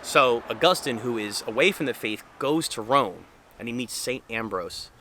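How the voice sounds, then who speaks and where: This young Catholic man speaks at normal speed in an expressive, bright, forceful medium-pitched voice, with a little hiss or hum in the recording. Addressing the camera casually about faith, he is earnest and conversational, filling his speech with frequent fillers.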